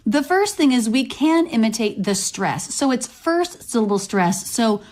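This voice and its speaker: Woman teaching pronunciation, slightly high voice, explains each sound carefully. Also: sing-song, measured pace, darkish tone. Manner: clear and explanatory. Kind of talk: pronunciation lesson clip.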